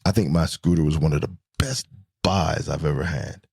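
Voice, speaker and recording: A young adult man telling stories in a casual vlog, joking and profane, jumping between high squeals and low mutters. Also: normal speed, gravelly, husky. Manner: animated, swings from high squeals to low mutters for comic effect. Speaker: vlogger. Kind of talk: casual storytelling monologue.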